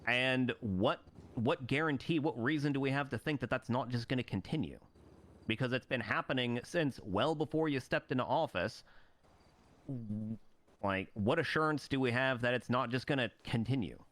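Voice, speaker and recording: A man's voice: medium pitch, moderate pace, fairly bright tone. A man moderating a debate, pressing candidates with blunt, profane, sarcastic questions.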